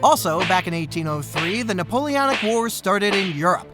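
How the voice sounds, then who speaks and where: A man narrating an animated history video with wry, joking asides. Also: high-pitched, normal speed, over music.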